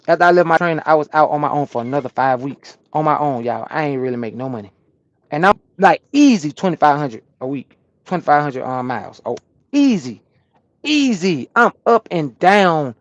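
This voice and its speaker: Parked on a rest break, a trucker with a Southern US accent livestreams from his cab, reading comments and telling stories with plenty of slang and swearing. His voice is fairly high and fairly quick, with no echo but a muffled recording.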